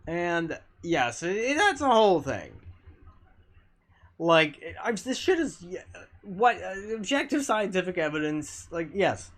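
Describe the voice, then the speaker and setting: A man streaming from home, arguing with his chat in a blunt, loose way. He swears freely and restarts his sentences. His pitch moves up and down a lot as he argues. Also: fairly bright tone. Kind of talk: casual live-stream chat.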